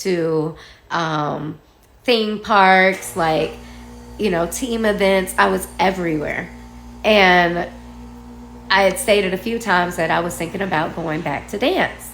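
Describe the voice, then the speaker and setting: A woman casually telling a personal story, animated and acting out what others said. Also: mid-range voice, a little hiss or hum. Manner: animated, acts out quoted dialogue, laughs while telling. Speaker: guest storyteller. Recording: roomy echo.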